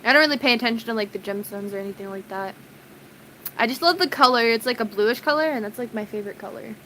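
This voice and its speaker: Woman, streamer, high-pitched, giggly, chatty, casual talk with viewers. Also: fast talker, pushed and bright, slight background noise, rough recording. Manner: chatty and giggly, greets chat viewers by name. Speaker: live streamer.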